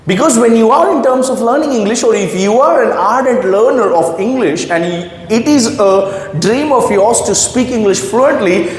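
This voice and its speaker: A man's voice: high voice, a little mellow. A man teaching an English grammar lesson, writing on a board and often checking in with his listeners. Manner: checks in often with the listener, repeats key phrases; writes on a board while explaining. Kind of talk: classroom-style grammar lesson. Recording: echoey room with long reverb.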